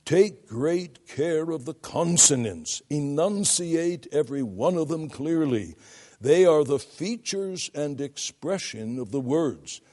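An older man lectures preachers on voice and diction. His pitch climbs and drops through a wide range, and he speaks slowly and deliberately, pressing down on key words. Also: animated, a little mellow. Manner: reads quotations aloud, spells words out, shifts volume for emphasis.

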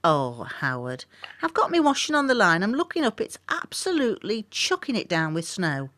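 Wry, lively British woman, dry sound. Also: mid-range voice, normal speed, dry recording. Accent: British English. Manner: chatty, wry, swears mildly. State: jet-lagged. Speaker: podcast co-host. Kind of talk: casual chat.

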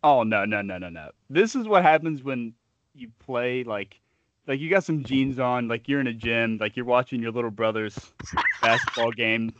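A man's voice: medium pitch, normal speed, fairly bright tone, muffled recording, a little hiss or hum. A man co-hosting a sports podcast, riffing with trash talk and long comic analogies. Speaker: podcast co-host.

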